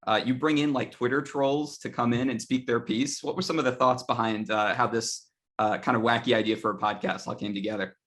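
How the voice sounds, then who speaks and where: A man hosting an interview, asking prepared questions in a steady, friendly manner. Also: mid-range voice, a little fast. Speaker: interviewer, host.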